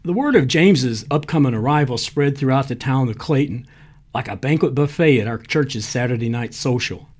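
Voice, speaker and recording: A man narrating a short story aloud in a lively storytelling manner, giving the characters their lines. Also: medium pitch, normal speed. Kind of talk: reading short fiction aloud.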